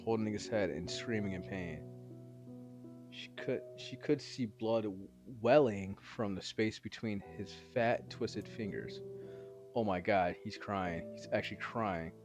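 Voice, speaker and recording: Deep-voiced man reading a novel aloud. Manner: halting, stops to correct misread words. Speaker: reader.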